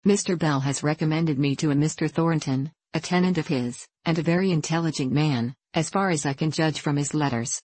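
A woman reading the part of a gentle middle-aged clergyman father who speaks slowly and hesitantly. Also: deep voice, slightly rough, no room sound. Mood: anxious. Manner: slow, measured, hesitant.

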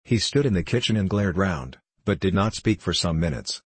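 A man with a low, slightly husky voice reads a novel aloud in a steady, measured way. The sound is dry and close, with no room around it. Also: dry recording. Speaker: narrator. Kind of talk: audiobook narration of a novel.

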